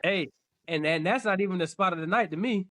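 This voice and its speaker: A man's voice: high-pitched, brisk, a bit bright. A man co-hosting a wrestling podcast, making insistent points in casual chat and repeating himself for emphasis. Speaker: podcast co-host.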